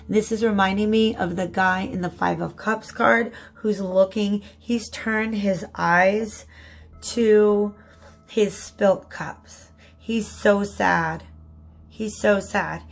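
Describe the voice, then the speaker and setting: A woman's voice: mid-range voice, vocal fry. A woman giving a casual spoken tarot reading, chatty and prone to repeating herself, often checking in with "okay?". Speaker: tarot reader.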